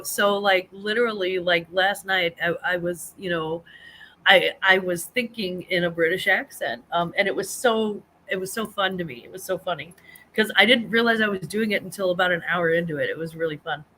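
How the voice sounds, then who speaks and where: A woman's voice: fairly low pitch, moderate pace, sharp tone, a little hiss or hum, rough recording. A woman, hosting a casual live-stream chat, rambling with many ums and restarts. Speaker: host of a live reselling chat show.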